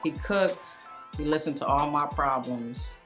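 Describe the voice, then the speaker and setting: A woman giving casual comedic commentary to camera, telling animated stories, acting out the quotes and laughing often. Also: low voice, measured pace, music in the background. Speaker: cast member.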